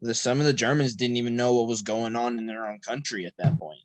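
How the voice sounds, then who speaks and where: A man's voice: mid-range voice, fairly even intonation, fast talker, no room sound. Man chiming in during class, dry sound. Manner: brief tentative interjections. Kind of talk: casual class discussion.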